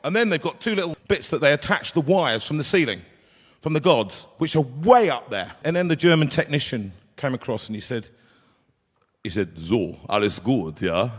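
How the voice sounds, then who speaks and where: A man, an opera singer telling a comic story live, animated and acting out characters. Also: a little high, a little fast, husky. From England. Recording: long hall reverb.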